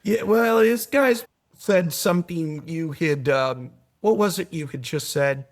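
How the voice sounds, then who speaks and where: A middle-aged man speaking as a podcast guest, telling stories in an animated way, swinging from quiet asides to emphatic points. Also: on the high side, measured pace. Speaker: podcast guest, foundation manager. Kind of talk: conversational podcast interview.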